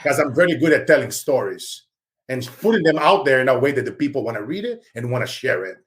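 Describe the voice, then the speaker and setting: A man's voice: mid-range voice, big pitch swings, quick pace, a bit bright. A man from Brazil with a Brazilian Portuguese accent, a success speaker guest telling fervent stories in an interview. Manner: fervent, storytelling, calls host bro. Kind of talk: animated interview talk.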